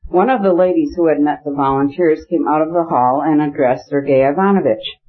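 A man giving a steady scripted narration of an audiobook. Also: a little high, brisk. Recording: dull lo-fi recording.

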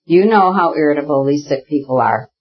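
A reader voicing Varenka, a gentle, soothing young woman with a husky voice. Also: medium pitch, a little fast, dull audio, natural voice. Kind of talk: audiobook character reading.

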